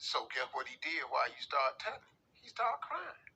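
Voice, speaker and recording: A man hosting a radio show, giving comedic commentary on a listener's letter in an animated, drawling way full of playful slang. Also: fairly high pitch, normal speed, breathy edge, highs cut off.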